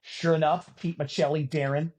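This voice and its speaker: A middle-aged man telling a story as a podcast guest in a casual, animated way, cursing and poking fun at himself. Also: fairly high pitch, moderate pace. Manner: animated, profane, self-mocking. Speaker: podcast guest, former volleyball player and announcer.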